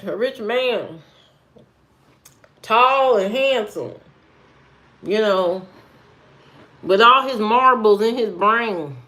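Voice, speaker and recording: A woman's voice: a little high, a bit bright. Sassy, rambling woman livestreamer. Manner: playful, sassy, rambling banter with viewers. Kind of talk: casual livestream chat.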